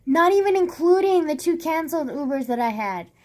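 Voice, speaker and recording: In a casual vlog, a young woman tells a rambling story packed with "like" and swearing, animatedly acting out what people said. Her voice sits high and she talks a little fast.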